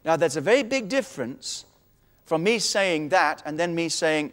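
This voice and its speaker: Man, preacher, fairly high voice, authoritative, emphatic, long hall echo. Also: animated, moderate pace, a bit bright. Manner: emphatic, authoritative, quoting scripture. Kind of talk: sermon teaching.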